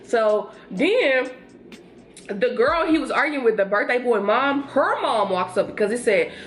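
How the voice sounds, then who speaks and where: A young woman vlogger casually telling a storytime to her viewers while getting ready, chatty and animated. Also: fairly high pitch, unhurried, faint music behind.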